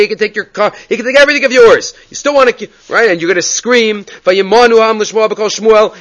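A man's voice: high-pitched, a bit bright, dull audio. A man teaching a Torah class in English, quoting Hebrew texts and asking rhetorical questions as he explains.

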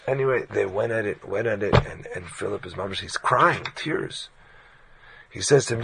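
A man preaching by telling a story in an animated, colloquial way. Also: lowish voice, normal speed, vocal fry, slightly rough, rough recording. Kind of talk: storytelling sermon.

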